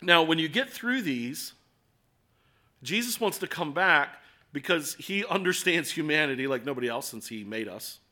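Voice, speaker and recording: A man's voice: fairly high pitch, expressive, normal speed, sharp tone. A man with an American accent preaching a sermon in an earnest, conversational way, full of rhetorical questions. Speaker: pastor.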